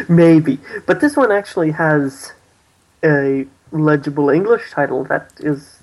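A man's voice: a little high, lively intonation, slow, long pauses, poor audio. A man co-hosting a casual podcast, hesitantly recapping a story and laughing often. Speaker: podcast co-host.

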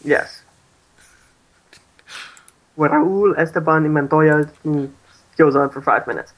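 A man's voice: a little high, steady tone, slow pace, low-quality recording. A man co-hosting a casual podcast, hesitantly recapping a story and laughing often. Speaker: podcast co-host.

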